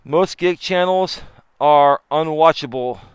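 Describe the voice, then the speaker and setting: A man's voice: a little high, slow, clean tone, no echo. A man hosting a casual live stream as a life coach, talking emphatically to his viewers while walking with his phone. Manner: animated, emphatic, talks to chat viewers. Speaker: life coach and livestream host.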